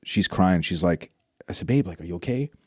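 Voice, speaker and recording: A man's voice: deep voice, expressive, brisk, slightly rough, no room sound, studio quality. A man telling a personal faith story as an interview guest, earnest and emotional, often restarting his sentences.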